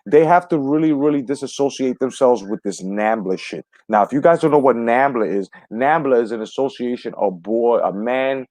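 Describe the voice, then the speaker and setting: A man's voice: medium pitch, moderate pace, few pauses, darkish tone, no echo. A man hosting a live stream from the United States, ranting with heavy profanity and greeting viewers in the chat. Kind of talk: heated live stream commentary.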